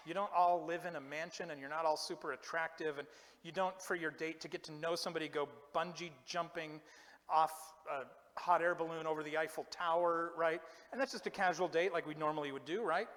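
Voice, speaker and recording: A man preaching in a relaxed, joking way, poking fun at himself as he talks to the congregation. His voice sits a little high for a man and rings with a long echo off the church hall. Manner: chatty, self-deprecating, joking asides. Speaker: pastor. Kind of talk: casual humorous sermon. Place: church sanctuary.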